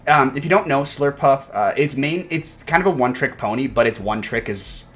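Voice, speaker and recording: A man's voice: mid-range voice, moderate pace, fairly bright tone. Upbeat man rambling through game analysis. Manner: enthusiastic, rambling with frequent fillers. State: hiccups. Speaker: YouTuber analyzing his draft team. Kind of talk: casual commentary.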